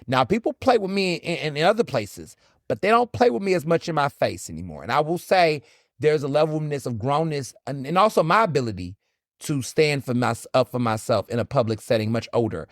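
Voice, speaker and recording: Blunt, animated man with dry sound. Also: fairly high pitch, brisk, no echo. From American South. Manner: animated, blunt, swears freely, acts out encounters. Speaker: podcast host. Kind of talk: casual solo commentary.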